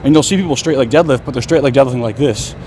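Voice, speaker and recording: Man, gym vlogger, profane, emphatic, medium pitch, light background noise. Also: darkish tone. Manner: profane, emphatic, fast-talking. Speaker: bodybuilder vlogger. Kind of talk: casual gym chat.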